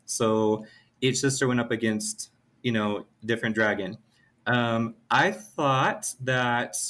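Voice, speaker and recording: A man co-hosting a podcast, recapping an episode in a relaxed way with plenty of "um" and "you know". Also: mid-range voice. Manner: relaxed, hedging with lots of fillers. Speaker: podcast co-host.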